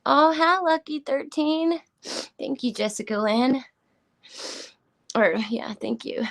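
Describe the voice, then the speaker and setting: A woman's voice: high-pitched, slow pace, vocal fry. A woman hosting a casual livestream who is holding back tears. She thanks viewers by name, and her voice often drops to a whisper. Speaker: livestream host. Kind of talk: casual live-stream chat.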